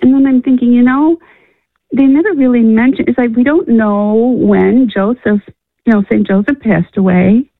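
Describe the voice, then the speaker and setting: A woman calling in to a radio show, talking haltingly with many restarts. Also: on the high side, dry recording. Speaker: caller. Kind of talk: phone-in conversation. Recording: tinny phone line.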